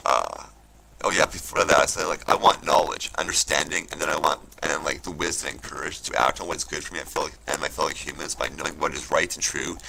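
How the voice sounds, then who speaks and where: A man's voice: extremely low pitch, creaky, pushed and bright, a little hiss or hum, poor audio. A man delivering a rambling, profane, indignant rant straight to camera, swearing constantly and mocking what he dislikes. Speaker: vlogger.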